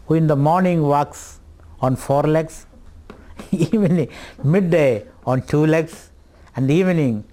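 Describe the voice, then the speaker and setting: A middle-aged man gives a spiritual teaching at a retreat, his voice sitting somewhat high for a man. He speaks slowly and contemplatively, repeating key phrases and stretching out Sanskrit words. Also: warm tone. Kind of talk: scripture talk at a retreat.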